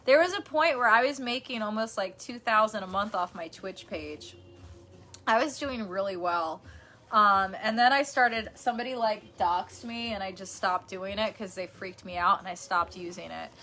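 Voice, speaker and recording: A woman's voice: mid-range voice, moderate pace, bright, forceful tone. A woman from New York chatting casually on a livestream in her bedroom, reading out comments, rambling and laughing often. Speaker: streamer.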